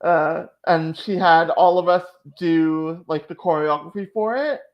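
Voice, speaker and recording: A woman's voice: on the low side, measured pace, highs cut off. A woman hosting a channel, chatting casually and emotionally, full of "like" fillers. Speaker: channel host. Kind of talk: casual chat recap.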